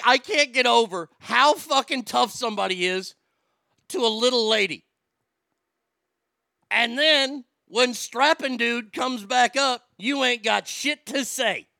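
A man's voice: very high voice, measured pace, creaky, sharp tone, no echo, clean studio sound. A man telling a story as an angry, swearing rant, heated and indignant.

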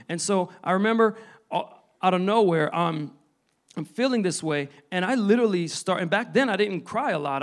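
A man in his thirties preaching a sermon, telling his testimony in an earnest, halting way with many restarts. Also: sits high.

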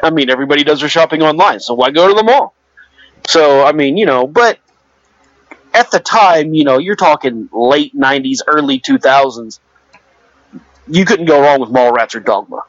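A man's voice: a little high, animated, normal speed, dry recording. Laid-back opinionated man, dull dry audio. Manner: laid-back, filler-heavy, offers opinions. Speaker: podcast co-host. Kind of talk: casual chat.

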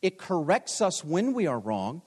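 A man's voice: on the high side, wildly swooping pitch, measured pace, darkish tone, husky. Older preacher man in a reverberant chapel. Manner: storytelling, self-deprecating humor. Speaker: pastor. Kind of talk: homecoming chapel sermon. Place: large chapel. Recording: long hall reverb.

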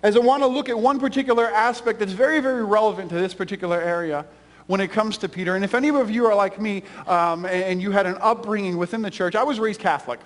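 Emphatic high-voiced male preacher. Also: fast talker, long reverb tail. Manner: emphatic, repetitive preaching cadence. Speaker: pastor. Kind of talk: sermon.

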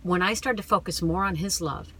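A woman's voice: fairly low pitch, brisk, pushed and bright, a little hiss or hum. A middle-aged woman giving an earnest, emphatic faith testimony as a guest speaker in a podcast conversation.

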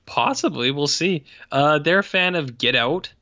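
A man co-hosting a podcast, chatting casually about movies with wry, quick quips. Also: a little high, animated, sharp tone, no echo, lo-fi sound. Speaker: podcast co-host. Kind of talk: casual movie-review chat.

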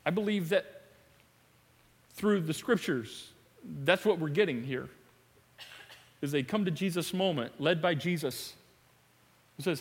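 A man preaching a sermon. He is animated and emphatic, repeats phrases and laughs often. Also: a little high, a little slow, pauses often, husky, big-room sound. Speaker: pastor. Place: church sanctuary.

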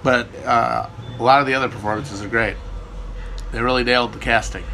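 A man with a bright, forceful voice riffs loosely through viewer questions on a casual stream. His delivery is irreverent and jokey, sprinkled with profanity. There is a faint hum of background noise. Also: medium pitch, steady tone, fairly quick, vocal fry. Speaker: livestream host answering chat. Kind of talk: casual rambling chat.

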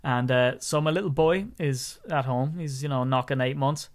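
An excitable, jokey man co-hosting a casual podcast, nursing a cold. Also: medium pitch. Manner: excitable, jokey, quick to tease. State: sick with a cold, coughing. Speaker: podcast co-host.

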